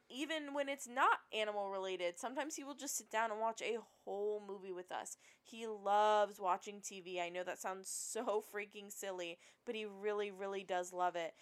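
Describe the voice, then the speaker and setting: Chatty woman on a movie podcast, says like a lot, mid pitch, lively storyteller. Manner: chatty and animated, many likes. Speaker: podcast co-host. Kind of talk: casual film discussion.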